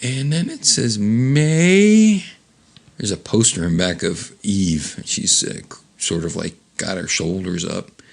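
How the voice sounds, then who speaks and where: Rambling low-voiced man reading comics aloud. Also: a little slow, creaky, a bit bright, breathy edge. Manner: rambling, chuckling, many fillers. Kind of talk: casual rambling read-aloud commentary.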